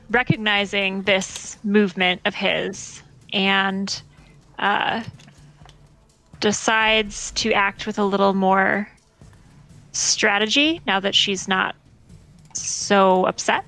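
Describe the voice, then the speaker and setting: A woman's voice: mid-range voice, steady tone, slow, pushed and bright, low-quality recording. A woman player thoughtfully describing her character's turn, with frequent ums.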